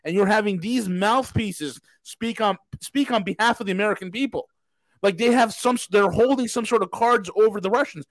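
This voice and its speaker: A man's voice: sits high, moderate pace, no room sound, rough recording. A male show host talking politics in a blunt, emphatic and sarcastic way. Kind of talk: heated political talk.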